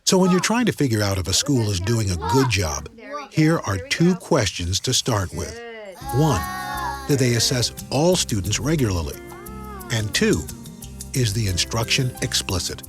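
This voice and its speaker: A man narrating a documentary segment in a clear, explanatory scripted delivery. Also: mid-range voice, sing-song, normal speed. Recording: loud background music.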